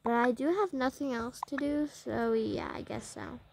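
High-voiced young woman chatting over gameplay. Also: moderate pace, vocal fry, darkish tone, slight background noise. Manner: chatty, rambling, talks to the game and viewers. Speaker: gameplay vlogger. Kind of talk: casual gameplay commentary.

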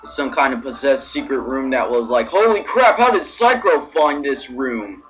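Young male let's-player, animated swings in pitch, loud frustrated outbursts; muffled cheap recording. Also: moderate pace. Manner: excitable, yelling and fake crying at the game. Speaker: gameplay video maker. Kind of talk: frustrated let's-play commentary. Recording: dull lo-fi mic with game music.

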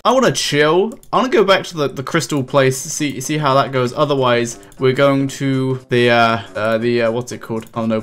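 A man talking casually over his own gameplay, chatty and excitable, laughing often and poking fun at himself. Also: mid-range voice. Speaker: gaming channel host.

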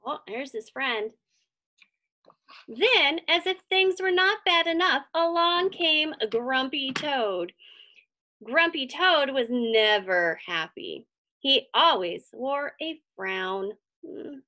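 A woman reading a picture book aloud to children, animated and stopping to ask them questions. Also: sits high, slow. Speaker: children's story reader.

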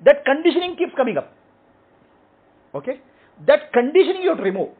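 High-voiced man teaching, phone-line sound. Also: very animated, brisk. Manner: explains in short repeated phrases, checking with "okay?". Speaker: spiritual teacher. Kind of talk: teaching answering questions. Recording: tinny phone-like audio.

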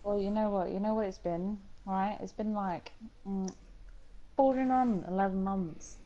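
A woman's voice: medium pitch, fairly even intonation, moderate pace, warm tone, lo-fi sound. A woman chatting playfully with a friend during a game, teasing him. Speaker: gamer friend. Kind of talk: casual gaming chat.

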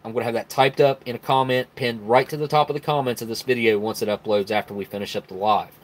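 A man's voice: mid-range voice, steady tone, fast. Chatty man hosting a live stream. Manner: greets chatters by name, chatty and rambling. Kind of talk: casual live-stream chat.

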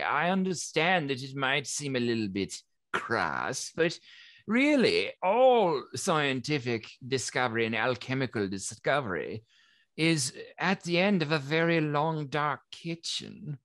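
A formal, defensive alchemist, as a game master puts him on, pleading to be left alone while insisting every harvest is licensed. The voice moves slowly and swings widely in pitch, and it sounds close and dry with no room echo. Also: sing-song, a bit bright. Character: alchemist licensed to harvest crab blood, self-justifying. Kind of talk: in-character tabletop role-play.

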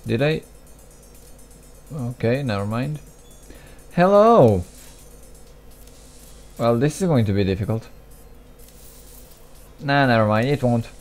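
A man's voice: medium pitch, expressive, slow, long pauses. A young man giving casual gameplay commentary, mumbling, restarting his sentences and putting himself down. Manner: mumbly, self-deprecating, frequent restarts and asides. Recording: faint game music behind.

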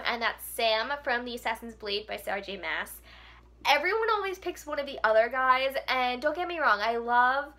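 Bright-voiced young woman gushing. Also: high voice. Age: young adult. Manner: gushing, with many "like" fillers. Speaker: book vlogger. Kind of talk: casual chat.

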